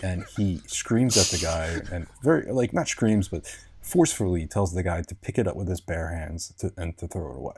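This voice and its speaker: Deep, husky podcast host man. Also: moderate pace, darkish tone. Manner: rambling, hesitant. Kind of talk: casual chat.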